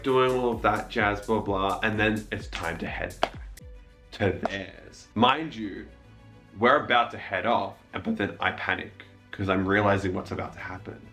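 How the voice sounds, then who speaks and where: A young man with a fairly low voice tells a comic story about himself in a loose, chatty way. He keeps switching into high, squeaky voices to quote people, and faint music plays underneath. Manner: animated, mimics voices in high squeaky tones.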